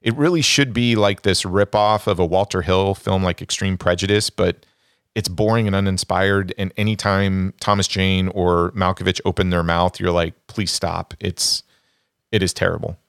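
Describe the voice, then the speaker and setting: Blunt low-voiced man ranking bad films. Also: fairly even intonation, normal speed, a bit bright, clean tone, no room sound, studio quality. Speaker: podcast co-host. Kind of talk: casual movie podcast chat.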